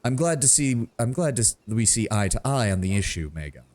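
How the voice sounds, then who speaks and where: A man's voice: fairly low pitch, sing-song, brisk, darkish tone, a little hiss or hum. A man voicing a courteous noble baron who speaks in a formal, polite way.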